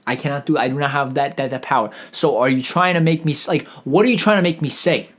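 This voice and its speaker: A man's voice: a little high, fast, a bit bright. A man streaming a rambling, profane comedic rant, full of stammered restarts and swearing.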